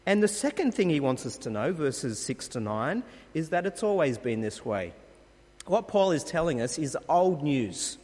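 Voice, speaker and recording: A man delivers a sermon in a lively, rising and falling voice, set a touch high for a man. He presses his points with emphatic rhetorical questions. His words ring out with the long reverb of a large hall. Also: moderate pace. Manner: emphatic, rhetorical questions, addresses listeners as friends. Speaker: pastor.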